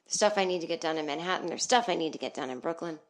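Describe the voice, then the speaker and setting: A woman's voice: low voice, very fast. A woman hosting her comedy podcast, rambling and self-deprecating, swearing freely from a small soundproof booth. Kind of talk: casual comedic monologue.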